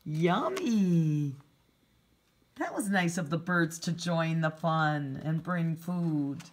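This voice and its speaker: A preschool teacher, a woman, reading a picture book aloud to young children, gently asking them questions and explaining words. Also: low-pitched, animated, takes it slowly, slight background noise.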